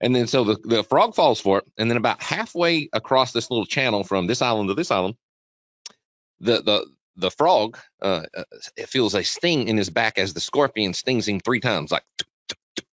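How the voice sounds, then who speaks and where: A man hosting a live trading webinar, chatty and energetic, talking quickly with frequent restarts. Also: fairly low pitch, no echo. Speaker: webinar host, trading educator. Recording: dull, dry lo-fi sound.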